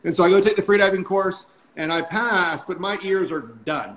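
Casual instructor in his forties, a man with a slightly high voice who tells stories and checks in with "right?" over a call mic. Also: fairly quick, background noise. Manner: chatty, tags sentences with "right?". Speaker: freediving instructor and guest. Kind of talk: casual storytelling on a live stream. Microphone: phone or computer mic on a video call.

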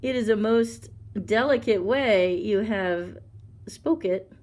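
A woman's voice: mid-range voice, slow, darkish tone, natural voice. A woman voicing an anxious, learned holy man who speaks formally and sounds put-upon. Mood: nervous.

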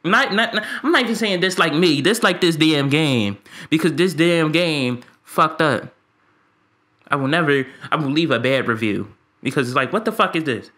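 A man's voice: on the high side, lively intonation, normal speed, sharp tone. A man giving ranting, profane commentary on a game he is fed up with, stammering when frustrated. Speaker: gaming YouTuber.

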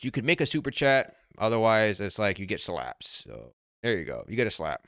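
Brash guy half-yelling on a livestream, bright punchy voice, super dry sound. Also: fairly low pitch, big pitch swings, brisk, no echo. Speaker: crypto channel host. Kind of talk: casual livestream chat answering viewer comments. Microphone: wearing noise-canceling headphones.

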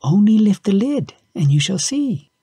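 A man's voice: high-pitched, big pitch swings, a little slow, mellow, husky, no room sound, pitched above the performer's own voice, exaggerated voice. A man doing a sweet coaxing fairy. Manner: coaxing, arch and playful. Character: sweet cheerful little fairy spirit, female.

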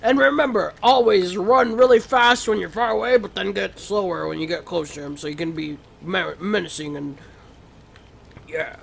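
A man's voice: sits high, normal speed, creaky, fairly bright tone. A man talking in a whiny, timid way.

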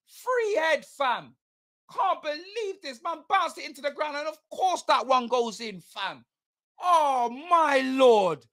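A woman reacting live to a football match as a streamer, excitable, swearing and shouting at the play. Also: high-pitched, unhurried.

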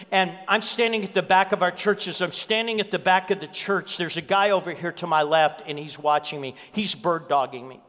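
A man with a high, ringing voice preaches to his church, telling stories and hammering points home by repeating them. His voice carries a long reverb through the hall. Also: a bit bright. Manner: storytelling preacher, repeats key lines for emphasis. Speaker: pastor. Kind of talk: sermon.

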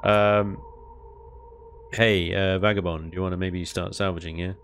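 A man giving casual, animated commentary on his gameplay, ranting and laughing with mild swearing. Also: deep voice, normal speed, a little hiss or hum. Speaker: gaming YouTuber.

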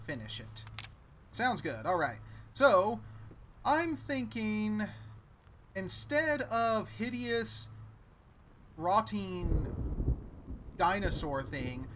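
A man's voice: high-pitched, animated, takes it slowly, pauses often, noisy background. A man playing a horror video game and commenting on it, sarcastic and jumpy, talking back to what he sees on screen. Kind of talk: let's play commentary. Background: game music.

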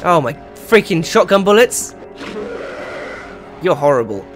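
A streamer narrating a horror game live, talking straight to the chat in a chatty, wandering way. The voice swings widely in pitch, dropping low and mumbly when calm and jumping to loud yelps when something attacks. Faint game music plays underneath. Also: a little slow. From England. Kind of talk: live gameplay commentary.

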